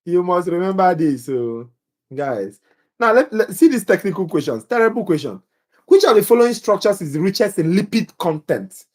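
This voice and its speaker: A man's voice: sits high, big pitch swings, normal speed. A man runs a live exam-prep review for nursing students, reading questions and answer options aloud. He quizzes his viewers and jokes about his own accent.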